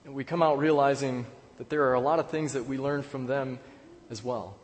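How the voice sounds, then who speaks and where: A man, a pastor, preaching a sermon as a personal story, with pauses and repeated words. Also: mid-range voice, steady tone, slight background noise. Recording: echoey hall with long reverb.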